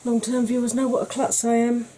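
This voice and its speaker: Woman doing a chatty asmr makeup tutorial, warm mellow voice with some breathy whispering. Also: on the high side, completely flat delivery, fairly quick, rough recording. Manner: soft, partly whispered, chatty and explanatory.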